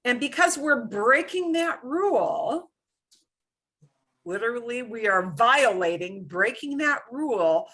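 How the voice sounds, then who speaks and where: A woman teaching a beginners' Spanish class, explaining with emphatic, animated bursts. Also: slow pace. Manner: animated, emphatic explaining with sudden high exclamations. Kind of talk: live classroom lesson.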